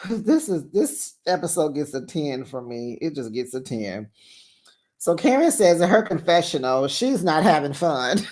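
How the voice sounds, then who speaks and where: A woman dishing on a reality show in a relaxed recap, gossipy and quick to laugh. Her voice sits a little low, but her pitch swings widely. She talks slowly and drawls terms of endearment like honey and child.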